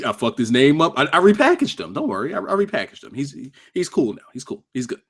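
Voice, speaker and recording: A man's voice: on the high side, very animated, a little fast, husky. A man hosting a casual livestream review of a wrestling show, cursing freely, laughing often and joking with his chat.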